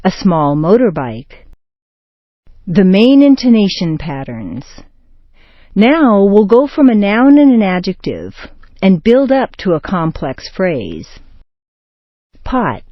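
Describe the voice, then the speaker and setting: American lady doing a slow pronunciation lesson, pitch jumps all over, dry kinda dull sound. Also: wildly swooping pitch, dry recording. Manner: slow, exaggerated, modeling words for repetition. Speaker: pronunciation teacher.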